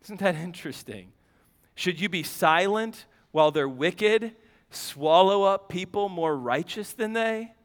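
A man preaching a sermon, reading scripture aloud with animated, joking asides. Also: sits high, a little slow. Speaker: pastor. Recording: long hall reverb.

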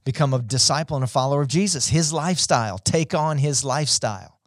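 A man preaching a sermon, impassioned and speaking straight to online viewers, rising to high, urgent peaks. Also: quick pace, dry recording, clean studio sound. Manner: addresses online viewers directly. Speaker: pastor.

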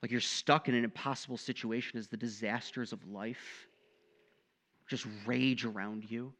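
A young man preaching a sermon in a conversational, animated way, often tossing in "right?" to the listeners. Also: medium pitch, moderate pace. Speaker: pastor.

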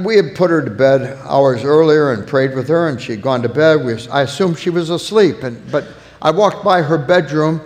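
Guy pastor giving a sermon, earnest, slightly high voice, big hall reverb. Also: darkish tone. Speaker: pastor teaching on parenting.

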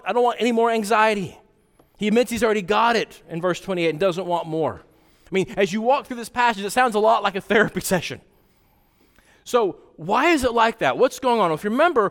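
Animated high-voiced preacher in a reverberant hall. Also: male voice. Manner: conversational, animated preaching with asides. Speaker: pastor. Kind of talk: sermon.

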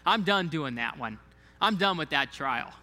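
In a church sanctuary with a long reverb tail, a man preaches as a pastor in a slightly high, expressive voice, unhurried, pushed and bright. His sermon is conversational, full of repetition and questions put to the congregation.

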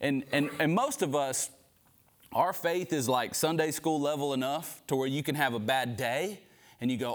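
A man's voice: medium pitch, fairly even intonation, brisk. A man preaching an informal sermon to a men's group in a conversational way, often repeating words, then leading a prayer.

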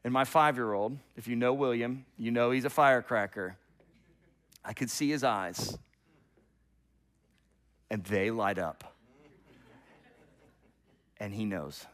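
Preaching as pastor, this middle-aged man tells the story animatedly, climbing to loud moments and sinking to near whispers, frequently repeating words at the start of a thought. He speaks at a medium pitch, takes his time, and leaves long pauses.

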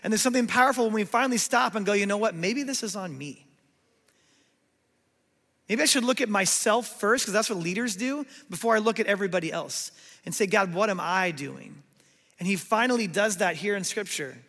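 High-voiced gravelly pastor preaching in a hall. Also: male voice, quick pace. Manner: animated storytelling, acting out quoted voices. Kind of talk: sermon.

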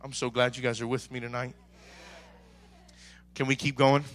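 A man preaching a sermon as pastor, swinging between quiet talk and shouted calls to the congregation. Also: medium pitch, flat delivery, moderate pace. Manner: preaches with sudden shouts and call-and-response.

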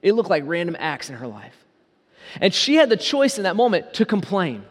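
A man preaching a sermon as pastor, asking the congregation rhetorical questions and slowing down on key words. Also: sits high, huge pitch swings, long reverb tail.

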